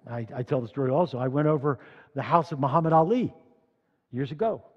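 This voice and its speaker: An older congregation leader from Philadelphia preaches a sermon, telling stories and reading scripture with mounting force, growing loud at those passages. His mid-range voice moves fast, captured in a dull, echoey church hall.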